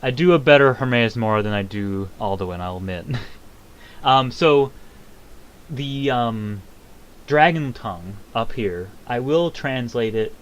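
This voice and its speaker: A man's voice: mid-range voice, expressive, a little slow, a little hiss or hum, rough recording. A young man casually commenting on a game's lore, rambling with many ums and self-deprecating jokes.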